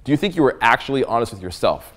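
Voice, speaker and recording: A man giving a live dating-coach talk to an audience: animated, joking and profane, often acting out what people say. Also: mid-range voice, fast.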